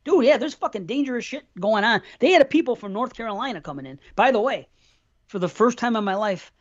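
A man's voice: extremely high pitch, lively intonation, fast talker. A middle-aged man from New York State holds the floor on a casual podcast and tells a long, rambling story. He swears freely and keeps looping back and restarting his thoughts. The recording sounds dull and lo-fi. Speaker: podcast co-host. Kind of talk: casual chat.

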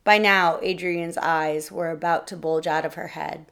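A woman narrating a short story in a steady reading voice. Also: deep voice, moderate pace, vocal fry, clear, resonant tone. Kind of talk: storytelling read-aloud.

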